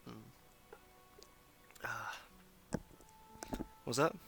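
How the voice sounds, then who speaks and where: A man's voice: drawn-out words, bright, forceful tone, faint music behind. A man who runs a tabletop game, chatting casually during a break and telling a rambling story with plenty of swearing. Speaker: game master.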